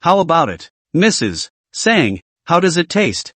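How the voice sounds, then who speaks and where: A young, wealthy boss who is courteous and eager to please, read out by a man in an animated recap voice. The voice sits on the high side and moves up and down a lot. It is dry, with no room sound. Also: a little slow, no room sound, heavily acted. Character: young rich male company boss, polite host.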